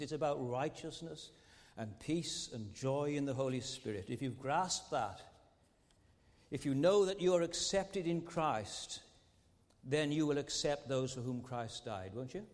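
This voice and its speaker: A man's voice: mid-range voice, darkish tone. A man preaching a sermon as pastor, earnest and fond of rhetorical tag questions. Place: large church sanctuary. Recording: long church hall reverb.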